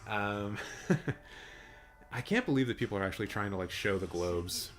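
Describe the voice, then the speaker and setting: Man, low, raspy and hoarse, casual rambling live-stream host, good mic. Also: lively intonation, unhurried, faint music behind. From Canada. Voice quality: deep and raspy. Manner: chatty, rambling, with fillers and restarts. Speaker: film channel live streamer. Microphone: good studio mic.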